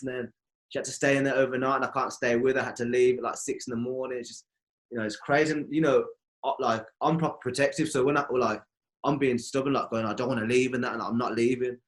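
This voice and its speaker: A young man holds forth in a relaxed conversation. He talks at an ordinary middle pitch, animated and slang-heavy, spinning his stories with plenty of feeling. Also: quick pace. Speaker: member of a music collective. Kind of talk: casual conversation.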